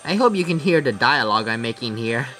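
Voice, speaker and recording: A man hosting a let's play, talking casually in a mid-pitched voice and drifting through offhand asides. Game music plays clearly under his commentary. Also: expressive, brisk.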